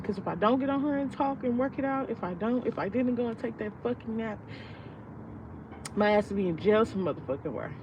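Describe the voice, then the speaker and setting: A young woman with a fairly high voice talks through her feelings in a rambling, profane, heartfelt way. She sounds set back from a dull, muffled mic. Faint traffic hum sits behind her outdoors. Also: animated, a little fast. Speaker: vlogger. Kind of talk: casual personal venting. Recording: distant, muffled mic with street noise.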